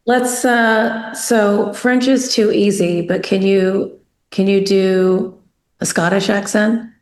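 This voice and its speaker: A woman's voice: medium pitch, fairly even intonation, slow pace, darkish tone. A woman interviewing a former teacher, asking admiring questions in a casual conversation. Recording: echoey room.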